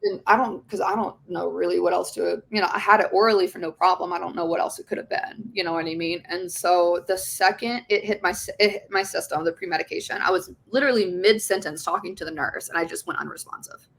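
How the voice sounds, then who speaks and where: Gravelly young woman telling her story. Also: fairly low pitch, fairly even intonation, fast, hardly any pauses. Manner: emotional, rambling, swears often, many restarts. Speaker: interview guest. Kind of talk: candid personal testimony.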